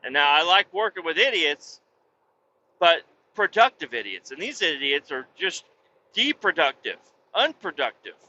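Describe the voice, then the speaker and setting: A man co-hosting a podcast, telling a work story in a profane, animated, casual way. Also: moderate pace, dull audio, a little hiss or hum. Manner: profane, animated, puts on a sweet high voice for quoted niceness. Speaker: podcast co-host.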